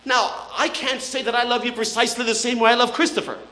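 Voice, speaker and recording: An older man preaching a sermon as a pastor, earnest and then dropping to soft, awed tones. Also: very high voice, fairly even intonation, fast talker. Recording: roomy hall echo.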